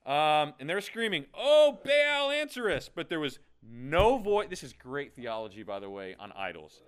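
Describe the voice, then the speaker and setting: A man's voice: mid-range voice, big pitch swings, normal speed, fairly bright tone, clear, resonant tone. A man preaching a sermon in a playful, conversational way, often checking in with "okay?". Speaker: pastor.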